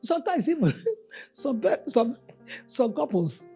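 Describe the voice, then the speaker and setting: A woman's voice: on the high side, measured pace, gravelly, husky, faint music behind. A woman pastor preaching a sermon, telling everyday stories and acting out the people in them. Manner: animated storyteller, acting out the people in her stories. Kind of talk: storytelling sermon.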